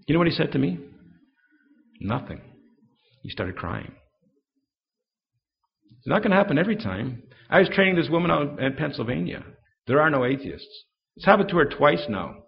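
A man giving a fast, story-driven live talk on defending the faith, acting out the voices in his anecdotes. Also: mid-range voice, big pitch swings, gravelly, muffled recording. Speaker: Christian speaker.

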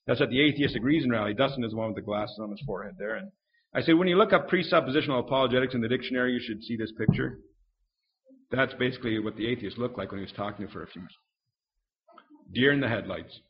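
Fast-talking gravelly man preaching. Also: mid-range voice, dull audio. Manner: fast storytelling, acting out quoted dialogue. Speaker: Christian speaker. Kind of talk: live talk to an audience.

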